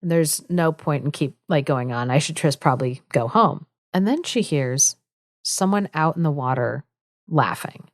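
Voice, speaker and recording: A woman's voice: sits low, animated, normal speed, no echo, studio quality. A woman co-hosting a podcast who retells a fairy tale in a chatty way, full of asides and "like", laughing often. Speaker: podcast co-host. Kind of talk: casual storytelling chat.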